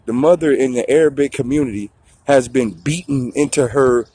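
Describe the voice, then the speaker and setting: Husky-voiced man telling a profane story. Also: medium pitch, no room sound. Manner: profane, animated, slangy storytelling. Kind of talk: casual storytelling talk.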